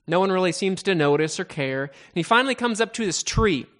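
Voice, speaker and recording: A man's voice: high-pitched, expressive, fairly quick, fairly bright tone. A man preaching a sermon, retelling a story dramatically with frequent restarts and stammers.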